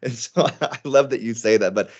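A male podcast host chats with his guest in a friendly, easygoing way, laughing readily as he tells a story. His pitch is in a middle range. The audio is slightly muffled. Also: moderate pace, a little mellow. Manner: friendly, laughs readily while recounting anecdotes. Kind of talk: conversational podcast interview.

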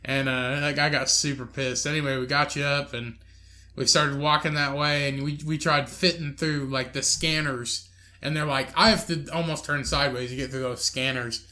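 A man's voice: medium pitch, fairly even intonation, normal speed, bright, forceful tone. A man co-hosting a podcast, telling a long, crude, laughing story in casual chat and acting out the people in it. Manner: crude, laughing storyteller, acts out drunk friend and angry lady. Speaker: podcast co-host.

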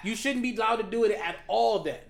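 A young man co-hosting a casual podcast, animated and emphatic, repeating himself and swearing as he argues. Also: high voice, a little fast, creaky. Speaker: podcast co-host. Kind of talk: casual debate chat.

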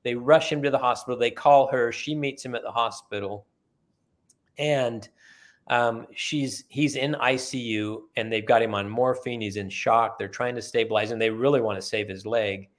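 A man's voice: mid-range voice, fairly even intonation, normal speed. Middle-aged man telling a story. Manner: earnest storyteller who acts out quoted dialogue. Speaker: podcast guest. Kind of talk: storytelling in conversation.

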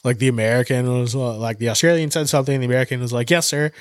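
A man's voice: medium pitch, steady tone, rapid-fire, no echo. Laid-back young man, dry close sound. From Southern California. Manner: laid-back, wry, acts out quotes. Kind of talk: casual chat.

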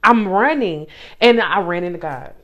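Animated woman host in emotional faith chat. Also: lowish voice, moderate pace, lo-fi sound. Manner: emotional, animated, testimony-style storytelling. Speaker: podcast host.

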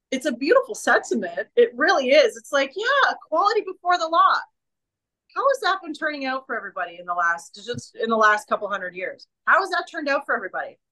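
Passionate bright-voiced woman. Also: on the high side, poor audio. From Canada. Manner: emphatic and passionate, restarts often. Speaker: guest. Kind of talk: casual interview chat.

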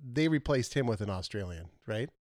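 A man co-hosting a casual podcast, animated and quick to laugh. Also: lowish voice, dry recording, studio quality. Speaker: podcast co-host. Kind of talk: casual chat.

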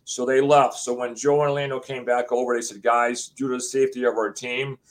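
A man from the USA, a guest on an interview show, telling his story in a rambling, animated way and acting out what people said. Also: medium pitch, brisk. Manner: rambling, acts out quotes, swears.

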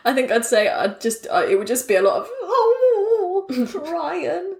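A woman's voice: medium pitch, fast talker, reverberant. A woman in her twenties co-hosting a comedy live stream, laughing through tears and swearing as she chats. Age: 20s. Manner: giggly, emotional, sweary. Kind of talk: casual improvised chat.

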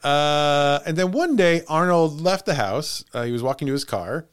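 A man's voice: a little high, animated, moderate pace, clear, resonant tone. A man hosting a podcast, telling a haunted-house story in casual chat. He laughs often and trails off into restarts.

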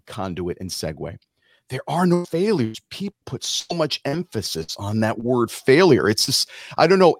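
A middle-aged man, a musician guest on a podcast, giving an animated motivational talk and acting out quotes in other voices. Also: mid-range voice, no echo, clean studio sound.

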